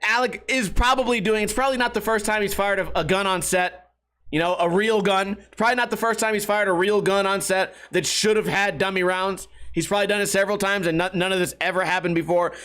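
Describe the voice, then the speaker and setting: High-voiced man riffing profanely. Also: a little fast. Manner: profane, rambling, animated storytelling. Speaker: podcast host. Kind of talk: casual comedic monologue.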